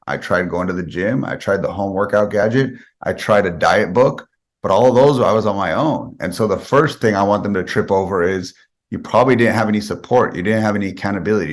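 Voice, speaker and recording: Low-voiced man explaining his sales method. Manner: explains with step-by-step examples. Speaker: guest sales expert. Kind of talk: podcast interview answers.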